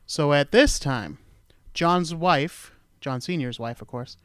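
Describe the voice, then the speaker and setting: Smooth-voiced man hosting a chatty true-crime talk. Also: fairly high pitch, takes it slowly, fairly bright tone, no echo. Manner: rambling, jokey, self-correcting storyteller. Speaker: podcast host. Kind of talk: casual true-crime chat.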